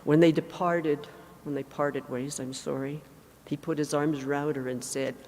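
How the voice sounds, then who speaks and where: An older woman, mother of the deceased, giving an emotional, halting eulogy with frequent self-corrections in a large hangar. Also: sits low, fairly even intonation, warm tone. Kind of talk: memorial eulogy. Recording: long reverb in a large hangar.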